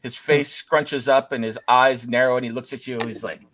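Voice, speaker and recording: A man with a bright, clear voice narrates a tabletop game as its game master. He describes the scene, then turns to the players and asks them for rolls. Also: mid-range voice, steady tone, moderate pace.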